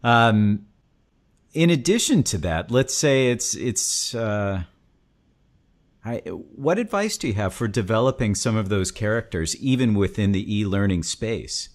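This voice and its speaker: A man hosts an interview in a deep, low voice. He encourages his guest, sums up the points and asks thoughtful follow-up questions. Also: animated, measured pace. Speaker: interview host. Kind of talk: casual interview chat.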